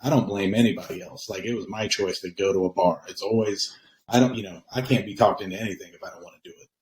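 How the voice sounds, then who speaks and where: A man's voice: lowish voice, quick pace, darkish tone, poor audio. Self-deprecating man reflecting as a guest. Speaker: guest, comedian and actor. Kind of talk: casual interview chat.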